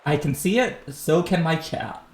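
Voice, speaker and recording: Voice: mid-range voice, animated, moderate pace. Streamer in an echoey room. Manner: reads out chat comments, jokey. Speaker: voice actor on a game stream. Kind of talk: casual chat.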